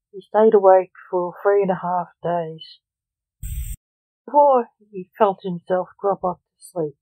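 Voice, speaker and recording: A narrator reading an audiobook story in a slow, even delivery. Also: medium pitch, no room sound. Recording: narrow phone-like sound.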